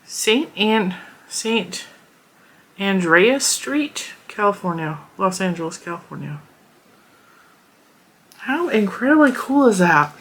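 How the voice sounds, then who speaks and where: A woman's voice: medium pitch, big pitch swings, slow pace, pauses often, fairly bright tone. A woman in her thirties chatting casually to her viewers, rambling with frequent fillers and restarts. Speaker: crochet vlogger. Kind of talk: casual chat.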